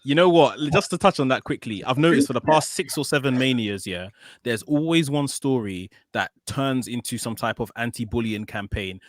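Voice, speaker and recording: A man with a middle-pitched voice chats on a wrestling podcast in a relaxed, wry way. His voice sounds close and dry. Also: normal speed, no room sound. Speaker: podcast co-host. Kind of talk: casual wrestling chat.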